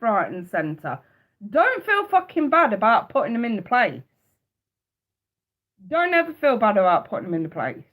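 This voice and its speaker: A woman's voice: fairly high pitch, wildly swooping pitch, moderate pace, pauses often, fairly bright tone. A woman giving a live tarot reading, blunt and emphatic, swearing freely and repeating her points. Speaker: tarot reader. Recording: dull lo-fi sound.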